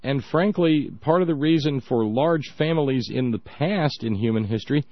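Mocking each clip he plays, this talk show host offers sarcastic commentary and keeps slipping into laughter and silly voices. He has a medium-pitched voice at a moderate pace, and the recording is dry, dull, and lo-fi.

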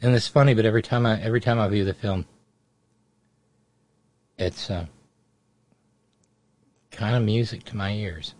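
A man's voice: fairly low pitch, fairly even intonation, normal speed, long pauses, a little mellow. A middle-aged man hosting a radio show, telling a family story in a rambling, digressive way. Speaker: radio host. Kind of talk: casual radio monologue.

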